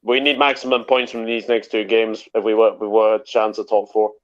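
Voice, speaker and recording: A man's voice: fairly low pitch, level tone, brisk. Blunt stammering man, lo-fi sound. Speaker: guest pundit. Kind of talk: casual chat. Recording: dull lo-fi sound.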